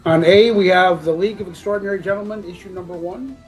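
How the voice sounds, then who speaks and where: A man's voice: sits high, fast talker, faint music behind, rough recording. Congested man running a live comic auction. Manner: loose, joking, throat-clearing. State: congested from a sinus infection. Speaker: auction seller.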